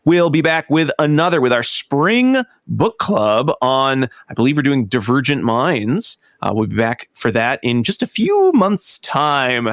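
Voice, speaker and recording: A man hosting a podcast, wrapping up a book club episode in a relaxed, chatty way and laughing easily. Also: mid-range voice, normal speed, dry recording, clean studio sound. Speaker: podcast host. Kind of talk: casual podcast chat.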